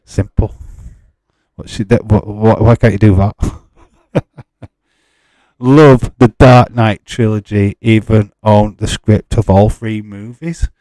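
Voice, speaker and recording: A man's voice: lowish voice, fairly even intonation, slow, dark tone, dry recording. A man hosting a live stream, chatting casually with his viewers and arguing with them in an exasperated way, laughing often.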